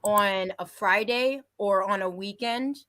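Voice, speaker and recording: Halting woman, mid-pitched and thoughtful. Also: heavy background noise. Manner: hesitant, lots of fillers and restarts. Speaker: panelist. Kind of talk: casual panel discussion.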